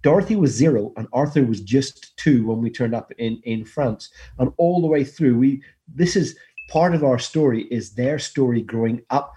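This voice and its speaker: A man's voice: mid-range voice, normal speed, dark tone. A British man talking as a podcast guest, enthusiastic and emphatic. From Britain. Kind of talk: casual chat.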